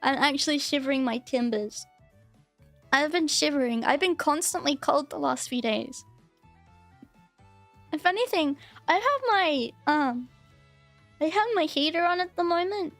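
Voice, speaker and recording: High-voiced Australian woman streamer. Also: moderate pace, long pauses, no echo, soft background music. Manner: chatty, rambling, repeats herself. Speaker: VTuber streamer. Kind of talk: casual live-stream chat.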